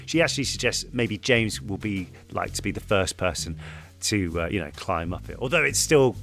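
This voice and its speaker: A man co-hosting a podcast, chatting in a friendly, animated way and thanking listeners. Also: on the low side, moderate pace, creaky, soft background music. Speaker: podcast co-host. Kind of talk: casual chat.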